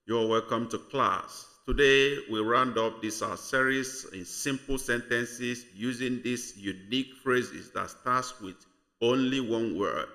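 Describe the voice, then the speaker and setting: Nigerian male tutor, unhurried, bright tone, repeats words for learners. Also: medium pitch, vocal fry. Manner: slow, deliberate teaching, repeating words for learners. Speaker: language tutor. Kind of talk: spoken language lesson.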